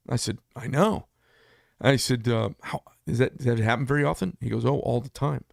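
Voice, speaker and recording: A man's voice: mid-range voice, a little fast, gravelly, dry recording, clean studio sound. A man and business owner giving a blunt, heated casual monologue, telling a story with asides. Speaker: business owner talking to camera.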